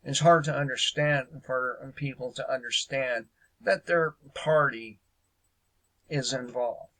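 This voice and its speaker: A man talks through the news in a loose, unscripted rant, stalling on fillers and dropping into sarcasm. His voice has a gravelly fry to it, and he takes his time. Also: medium pitch, slow pace, a bit bright, rough recording. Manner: hesitant and sarcastic, many fillers. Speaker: political commentary host. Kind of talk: casual political rant.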